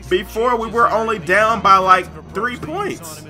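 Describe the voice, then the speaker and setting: Excitable man with a bright high voice. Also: measured pace, soft background music. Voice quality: excitable, shouts on big plays. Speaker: gaming YouTuber. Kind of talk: gameplay commentary.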